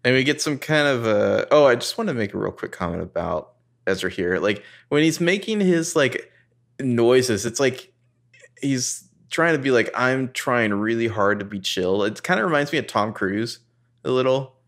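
A man's voice: medium pitch, lively intonation, moderate pace, a bit bright. A man co-hosting a casual podcast, narrating TV scenes in an amused, easygoing way. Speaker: podcast co-host. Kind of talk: casual recap chat.

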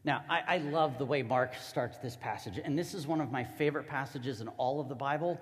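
A man's voice: mid-range voice, fairly quick, few pauses, big-room sound. A man preaching a sermon as a pastor, telling the story casually and with animation.

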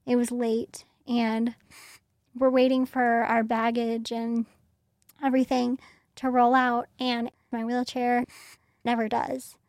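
A woman's voice: a little high, little pitch movement, slow pace, darkish tone, no echo, studio quality. A young woman telling a personal story in a casual, conversational way, full of "like" fillers. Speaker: interview guest.

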